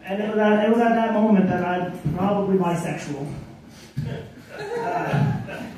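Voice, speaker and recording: A young man doing stand-up at an open mic, halting and self-deprecating with lots of ums. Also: sits high, sing-song, a little mellow. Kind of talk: stand-up comedy. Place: bar stage at open mic night. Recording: echoey room, far from mic, faint noise.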